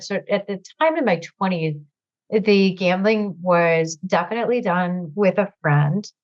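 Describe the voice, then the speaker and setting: A woman guest candidly telling her recovery story, halting and full of fillers, teary at times. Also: mid-range voice, dull audio. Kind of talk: emotional personal storytelling.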